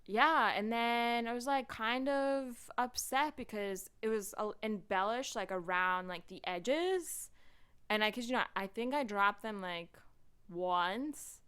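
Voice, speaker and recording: A woman's voice: on the high side, unhurried, fairly bright tone, clean tone. A young adult woman hosting a podcast, talking casually and rambling through stories with lots of filler words. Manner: rambling, filler-heavy storytelling. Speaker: podcast host. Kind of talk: casual chat.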